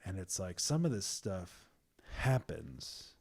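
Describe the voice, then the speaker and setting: A man hosting a podcast, talking casually and with feeling about faith, full of fillers like "man" and "like" and sometimes dropping to hushed tones. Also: sits low, big pitch swings, slow pace, creaky, breathy edge. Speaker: podcast host.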